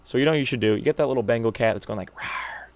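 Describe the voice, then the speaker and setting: A man's voice: medium pitch, very fast. A young man hosting a solo sports podcast, making brash, joking predictions like a hyped-up fan. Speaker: podcast host.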